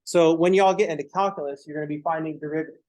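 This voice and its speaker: A man's voice: a little high, steady tone, quick pace, darkish tone, rough recording. A man teaching math in a casual recorded lecture, joking and swearing freely.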